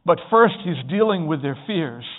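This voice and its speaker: A man delivers a sermon in a fairly high voice. He tells the story steadily and breaks into emphatic, pleading bursts. The sound is thin and tinny, like a phone line. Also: lively intonation, moderate pace. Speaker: preacher.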